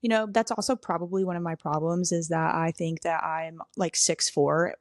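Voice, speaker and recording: A woman's voice: on the low side, steady tone, normal speed, no echo. Young woman, casual storytelling, profane, self-deprecating, dry close sound. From southern United States. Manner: candid, profane, self-mocking. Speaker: podcast host.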